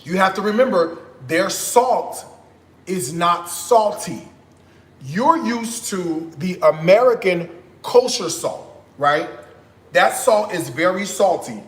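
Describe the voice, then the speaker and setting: A high-pitched man with a very lively, swooping voice talks viewers through a recipe in a relaxed, unhurried way. He breaks into whoops of delight now and then, and the kitchen sounds roomy and echoey. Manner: exuberant, bursts into high whoops and moans of delight; chatty, addresses viewers directly. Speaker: cooking channel host. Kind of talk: casual cooking vlog talk. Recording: echoey room.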